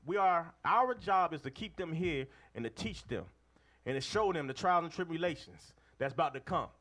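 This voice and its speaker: Preacher guy, high voice that jumps all over, calling for verses and pushing the men hard. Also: expressive, normal speed, a bit bright. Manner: emphatic, calls for readings, call-and-response. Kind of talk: street-style sermon to a group of men.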